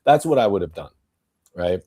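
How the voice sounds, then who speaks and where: A man's voice: lowish voice, lively intonation, normal speed, warm tone, breathy edge. Angry, profane male podcast ranter. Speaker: podcast host. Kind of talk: profane ranting monologue.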